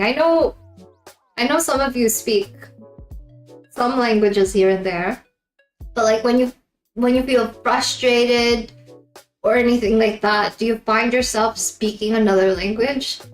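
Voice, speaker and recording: Slow, giggly woman streamer. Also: on the high side. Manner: giggly, laughs often between remarks. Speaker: live streamer. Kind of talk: casual chat with stream viewers. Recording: roomy echo, faint background music.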